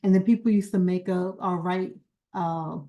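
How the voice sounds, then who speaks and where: A woman hosting her own channel, casually reminiscing in a rambling, chatty way, pausing to search for words and a little sleepy. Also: lowish voice, steady tone, muffled recording. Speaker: genealogy channel founder and host.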